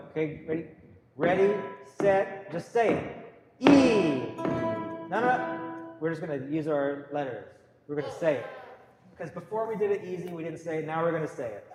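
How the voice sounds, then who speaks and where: A man teaching a guitar class, counting beats and calling out note letters for his students to say together. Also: on the high side. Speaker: music teacher. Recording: echoey room, faint noise.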